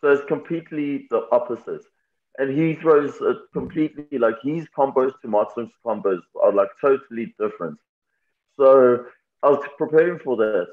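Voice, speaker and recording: Fighter guy, candid, tinny phone-ish sound, middle pitch. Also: normal speed. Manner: candid, reflective, laughs easily. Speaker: MMA fighter, guest. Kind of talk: casual interview talk.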